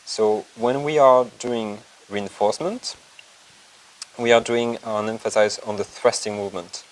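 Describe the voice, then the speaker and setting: A man explains acupuncture technique in a calm, methodical way, pausing now and then to find his words. His voice sits a little low, and a faint hum of room ambience runs underneath. The delivery is that of a clinical teaching demonstration. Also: low-quality recording. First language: French. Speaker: acupuncture lecturer.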